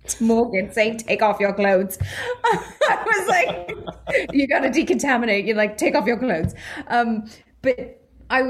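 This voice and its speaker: A woman with a British accent, a guest actress chatting in an interview, animated and quick to laugh as she acts out what people said. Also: on the low side. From Britain. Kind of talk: casual interview chat.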